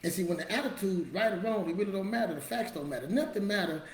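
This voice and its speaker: A middle-aged man with a high voice hosts a motivational show, speaking quickly with a slight hiss or hum in the audio. His delivery is casual and emphatic, and he keeps repeating his points in a colloquial, preachy manner. The recording has a roomy echo and faint ambience.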